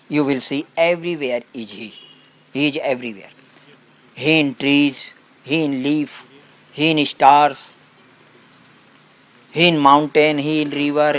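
A man as a spiritual teacher, giving a satsang talk and telling a story in simple, broken English with short, halting phrases. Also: fairly high pitch, fairly bright tone.

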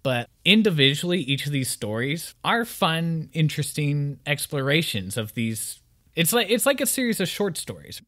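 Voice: mid-range voice, very animated, moderate pace, a bit bright. A podcast co-host discussing a book thoughtfully, sometimes repeating words while thinking.

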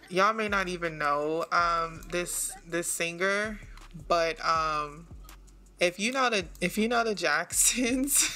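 Woman host, unhurried casual game commentary, easy laughter. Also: fairly low pitch, sharp tone. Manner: chatty, laughs often, talks to viewers as y'all. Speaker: gaming channel host. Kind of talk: casual let's-play commentary.

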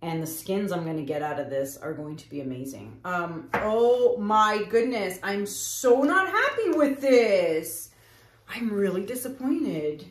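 A woman's voice: medium pitch, animated, a little slow, a little hiss or hum. Chatty woman artist in an echoey room. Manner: chatty, addresses viewers directly. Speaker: acrylic pour artist. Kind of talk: casual chat while painting.

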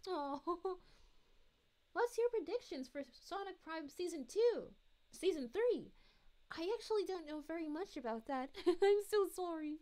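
A woman voicing a gentle, motherly cosmic princess, chatting sweetly and giggling as she reads chat messages on a live stream. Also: very high-pitched, lively intonation, unhurried. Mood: cheerful. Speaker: VTuber streamer.

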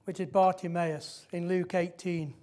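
A high-pitched man delivers a sermon in a church. He speaks emphatically, repeats his key phrases and slows down to press a point home. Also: little pitch movement, warm tone. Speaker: preacher.

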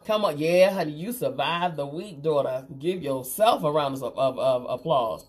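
A woman, hosting a casual makeup livestream and chatting warmly with viewers. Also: low voice, normal speed, slightly rough. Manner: chatty, reads viewer comments aloud, calls them girl and honey. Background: faint Christmas music.

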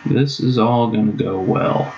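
A man's voice: medium pitch, a little slow. A man casually commenting on his strategy game play, chatty and swearing, joking to himself. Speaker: gameplay commentator. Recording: dull lo-fi mic with clear noise.

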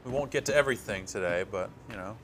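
A brisk, low-voiced man talking quickly as he moves a game chat along. Clear background noise hums under him. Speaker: game show host.

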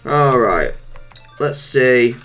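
A woman giving gameplay commentary, exclaiming and reacting loudly to what happens in the game. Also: a bass voice, lively intonation, drawn-out words, soft background music. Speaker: let's play gamer.

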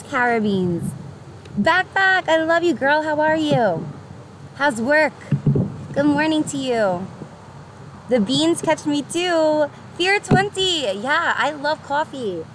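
Bubbly high-voiced New York woman streaming outdoors. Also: lively intonation, slow. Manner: bubbly, upbeat, greets chatters by name, laughs often. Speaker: livestreamer. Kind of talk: casual live-stream chat with viewers. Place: outdoors by the water on a pier. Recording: noisy outdoor stream with traffic.

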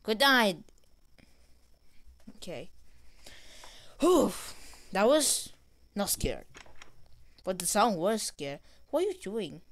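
A woman giving casual gameplay commentary, reading game dialogue aloud in an excitable way. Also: medium pitch, slow pace, long pauses. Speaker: gamer.

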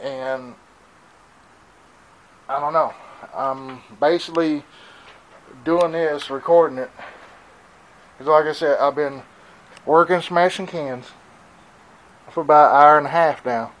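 A breathless, stuffy-nosed man in his forties vlogs outdoors into a handheld camera, his voice sitting a little high for a man. He rambles in a plain-spoken, worried way, with faint noise around him. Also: steady tone, slow, pauses often, fairly bright tone, poor audio. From Southern United States. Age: 40s. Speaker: vlogger. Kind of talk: casual confessional vlog. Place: outdoors in wind.

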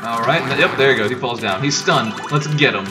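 A man's voice: mid-range voice, a little fast. A man casually commenting as he plays a video game, offhand and joking. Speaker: let's player. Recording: distant mic with loud game music.

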